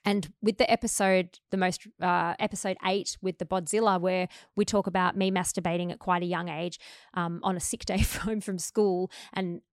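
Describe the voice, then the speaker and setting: A woman in her forties with an Australian accent, hosting a podcast and talking candidly and frankly, lively when she retells family conversations. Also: lowish voice, normal speed, no echo, studio quality. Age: 40s. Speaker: podcast host. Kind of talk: candid casual chat.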